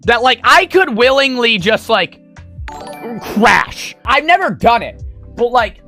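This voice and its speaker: A man's voice: extremely high pitch, sing-song, takes it slowly, pushed and bright, faint music behind. A young man streaming, telling a rambling, profane story to his chat. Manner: rambling, profane, full of fillers.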